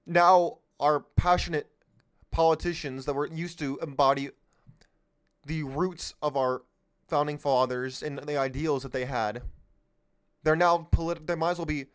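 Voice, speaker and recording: A man's voice: fairly high pitch, fairly even intonation, unhurried, pauses often, clean tone. A man hosting a political show, talking off the cuff in an emphatic way, firing rhetorical questions at listeners and sometimes losing his train of thought. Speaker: political podcast host. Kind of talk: unscripted political monologue.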